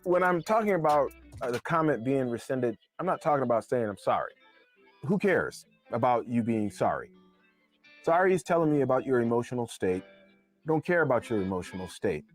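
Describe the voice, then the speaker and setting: Emphatic man with soft guitar behind. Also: medium pitch. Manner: emphatic, deliberate pauses for stress. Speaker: commentator on a clip. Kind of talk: casual opinion commentary.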